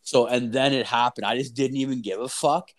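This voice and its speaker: A man's voice: medium pitch, brisk. A young man with an ordinary mid-range voice rambles through a crude anecdote. He swears constantly and stacks fillers as he goes. The tone is loose, casual storytelling between friends. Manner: profane, rambling, animated storyteller.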